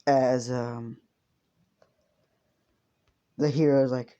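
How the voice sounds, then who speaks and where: A man's voice: medium pitch, normal speed, dark tone. A young man casually improvising a story, rambling and swearing heavily.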